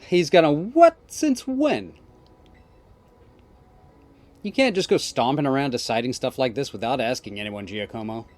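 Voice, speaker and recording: A man's voice: medium pitch, expressive, normal speed, long pauses, a little mellow, lightly acted. Man doing a whiny bratty boy boss. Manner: whiny, defensive. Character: bratty, touchy teenage boy gang boss. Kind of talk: reading game dialogue aloud.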